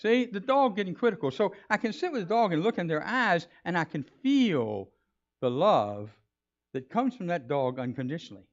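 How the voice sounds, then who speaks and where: A man's voice: sits high, big pitch swings, moderate pace, highs cut off. A man preaching a sermon as pastor, in a conversational, joking way.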